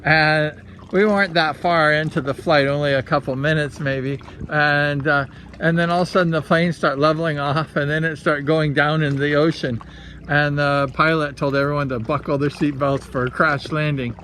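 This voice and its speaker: A man recounts a personal story in casual first person. His voice sits a bit high, and he rambles with plenty of filler words, growing excitable as he tells it. A faint hiss runs underneath. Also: moderate pace. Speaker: vlogger telling a personal story.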